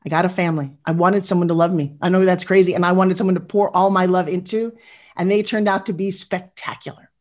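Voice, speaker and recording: A woman in her fifties giving a motivational speech, animated and confessional, talking straight to her audience and asking for their replies. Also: on the low side, quick pace. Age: 50s. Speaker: motivational speaker.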